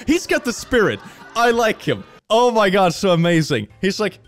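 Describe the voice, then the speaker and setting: Animated jokey guy reacting to memes. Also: high voice, a little slow, faint music behind. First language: not English. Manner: jokey, giggly, talks to himself. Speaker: meme reaction streamer. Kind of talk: casual reaction commentary.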